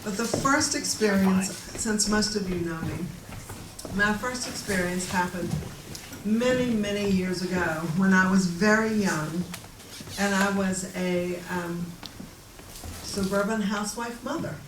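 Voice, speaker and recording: A woman giving a reflective talk about her own experiences to a gathered audience, pausing and restarting as she goes. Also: medium pitch, noisy background. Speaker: guest speaker. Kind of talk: personal storytelling talk. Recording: echoey room from far off.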